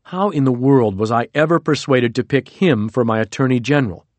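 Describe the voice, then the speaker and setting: A man's voice: mid-range voice, brisk, dry recording, close to an everyday voice. Guy reading an angry older man in charge, scornful and pushy, dry audiobook sound. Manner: contemptuous, insistent. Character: irate older man in power, scornful and blunt.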